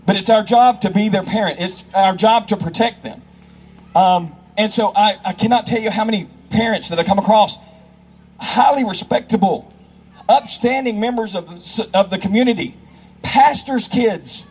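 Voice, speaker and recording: A man's voice: high voice, moderate pace, a little mellow, breathy edge, low-quality recording. A middle-aged man, a federal investigator, telling emphatic anecdotes to a live audience and acting out the people in them. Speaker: federal investigator speaking on child safety. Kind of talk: storytelling speech to a live audience.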